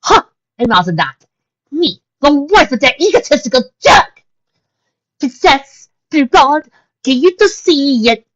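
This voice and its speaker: A refined white mare speaks high and theatrical, full of indignant flourishes, as a woman reads her out in a storybook. Her lines leap up in pitch and swing widely, over a dull, lo-fi recording. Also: sing-song, measured pace, long pauses.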